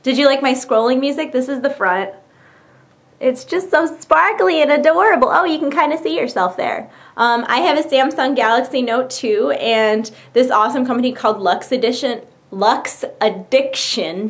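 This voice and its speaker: A woman's voice: high-pitched, moderate pace. Gushing, bubbly young woman vlogger. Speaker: YouTuber. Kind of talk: casual product show-and-tell.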